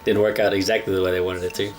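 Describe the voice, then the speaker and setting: A man's voice: sits low, level tone, rapid-fire, soft background music. A young man hosting a casual anime reaction, chatting in laid-back slang with a slightly stuffy nose. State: a little stuffy-nosed. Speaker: anime reaction channel host.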